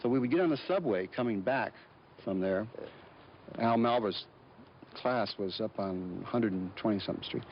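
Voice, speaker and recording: A man from Georgia, a guest on an interview show, telling stories in a halting way with many fillers and restarts. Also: fairly low pitch. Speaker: guest actor. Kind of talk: casual interview storytelling. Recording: dull lo-fi recording, faint noise.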